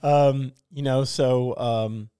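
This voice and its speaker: A man in his forties sharing thoughts in a casual faith discussion, talking haltingly with many fillers and restarts. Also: mid-range voice, steady tone, dark tone, clear, resonant tone. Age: 40s. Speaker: group discussion member.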